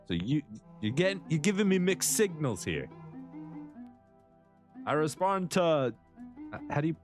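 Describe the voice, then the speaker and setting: A man streaming a survival game live, chatting and joking at the characters. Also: mid-range voice. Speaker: livestreaming gamer. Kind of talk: live gameplay commentary.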